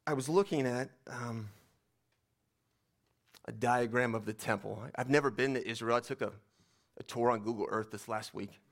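A man preaching a sermon at a mid-range pitch. He reads scripture aloud, then talks through it conversationally and builds emphasis with lists. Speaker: pastor.

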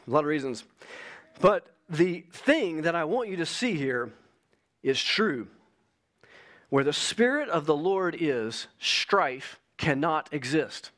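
A man's voice: fairly high pitch, animated, slow, long pauses, a bit bright. A man preaching a sermon as pastor, earnest, reading an illustration aloud and stressing key phrases. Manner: reads an illustration aloud to the congregation.

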